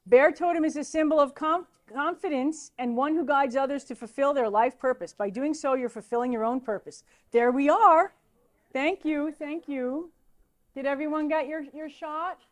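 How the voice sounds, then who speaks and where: A middle-aged woman, a teacher giving a lecture full of lively anecdotes and excited asides. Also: high-pitched, normal speed, hardly any pauses. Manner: animated storytelling, excitable asides.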